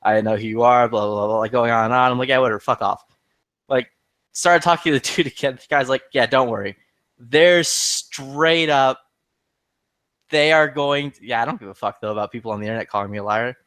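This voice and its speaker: Profanity-laced storytelling from a man, fired up and acting out what everyone said. His voice sits at an ordinary middle pitch and is recorded very dry and close, with no room sound. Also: brisk, clear, resonant tone, no room sound. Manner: profane, heated, animated retelling with quoted dialogue. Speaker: podcast regular. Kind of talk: casual chat, storytelling.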